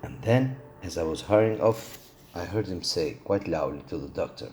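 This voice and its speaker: A man reading a classic adventure novel aloud, steady but with occasional slips and restarts. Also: sits low, normal speed, slight background noise. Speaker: audiobook reader.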